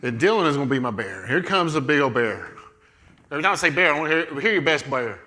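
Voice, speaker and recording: A man's voice: a little high, big pitch swings, fast talker, sharp tone. A man leading a children's church lesson, playfully telling a Bible story and directing kids as they act it out. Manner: playful, coaching children through a skit.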